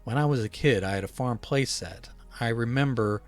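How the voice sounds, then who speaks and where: A man voicing a weary, regretful old man in a storybook, talking in a slow drawl. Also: mid-range voice, natural voice. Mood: remorseful. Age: 80s.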